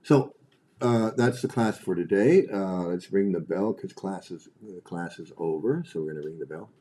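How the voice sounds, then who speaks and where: A man's voice: sits low, moderate pace, dark tone. A middle-aged man hosting a livestream, ranting bluntly and profanely, often repeating and restarting his phrases. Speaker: livestream host.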